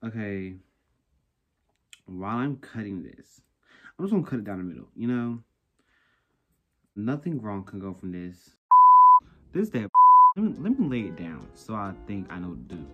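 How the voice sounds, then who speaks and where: A young man chats casually to his viewers, rambling and sassy as he talks himself through what he is doing. His voice sits a little low, and a steady noisy hiss runs under the recording. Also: normal speed, long pauses, lo-fi sound. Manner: sassy, rambling, self-talking. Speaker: vlogger. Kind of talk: casual chat.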